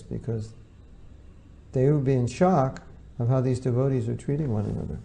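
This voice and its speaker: A man's voice: mid-range voice, moderate pace, vocal fry, dark tone. A man giving an informal lecture to devotees as their spiritual teacher, talking conversationally and acting out the voices of people he quotes.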